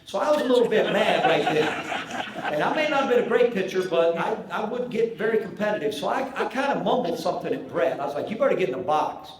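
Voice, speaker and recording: A man in his sixties from North Carolina with a Southern accent, telling folksy, animated stories as a banquet keynote speaker. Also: high voice, fairly quick, background noise. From Charlotte, North Carolina. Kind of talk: after-dinner storytelling speech. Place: large banquet hall. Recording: echoey banquet hall with faint ambience.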